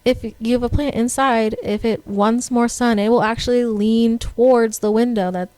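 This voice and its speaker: Chatty young woman, high voice. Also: steady tone, normal speed, warm tone, dry recording. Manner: chatty, rambling with many fillers and restarts. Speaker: podcast co-host. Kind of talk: casual chat.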